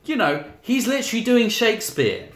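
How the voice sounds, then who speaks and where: Man, sarcastic co-host, lively pitch, swearing, echoey room. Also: moderate pace. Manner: sarcastic, wry asides, swearing. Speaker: podcast co-host. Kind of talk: casual film recap chat.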